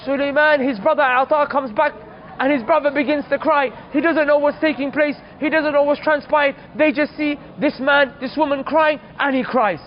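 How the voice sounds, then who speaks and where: A man's voice: extremely high pitch, steady tone, moderate pace, muffled recording, a faint crowd. A man preaching, telling a story earnestly and calling his listeners brothers. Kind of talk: storytelling sermon.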